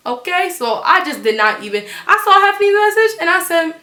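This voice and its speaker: A teenage girl telling a storytime on her vlog, animated and blunt, swearing freely. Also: very high-pitched, quick pace, few pauses, echoey room. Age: teens. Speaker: vlogger.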